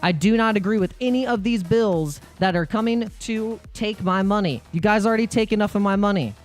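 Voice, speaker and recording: A man hosting a crypto live stream, talking in an excitable, rambling rant full of restarts. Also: sits high, brisk, soft background music.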